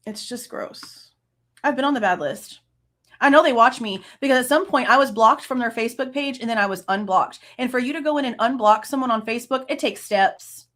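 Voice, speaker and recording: A woman's voice: fairly high pitch, brisk, fairly bright tone. Furious woman ranting on her channel. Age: late 30s. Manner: heated, profane, exasperated. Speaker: true crime channel host. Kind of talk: angry reaction rant.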